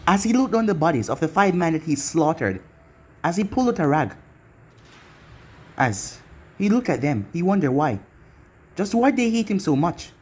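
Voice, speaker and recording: A reader narrating an anime fan-fiction story aloud in a steady storybook manner. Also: medium pitch, moderate pace, pauses often, husky.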